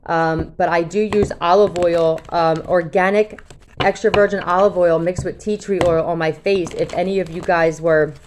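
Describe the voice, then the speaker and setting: A woman's voice: fairly low pitch, steady tone, normal speed, noisy background. A woman tarot reader talking casually to her viewers, blunt and cursing freely, often checking in with "okay?". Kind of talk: casual talk to camera.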